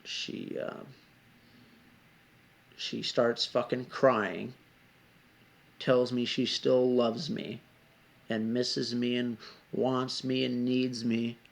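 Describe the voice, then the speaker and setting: Gravelly man telling a rambling story. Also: mid-range voice, level tone, very slow, pauses often. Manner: rambling, heavy swearing, frequent asides. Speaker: vlogger. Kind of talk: confessional storytelling vlog.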